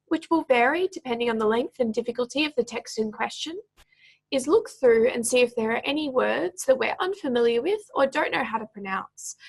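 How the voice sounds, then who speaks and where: A woman tutoring for a speaking exam, who slows down to stretch out words syllable by syllable when she models their pronunciation. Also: a little high, creaky, slightly rough.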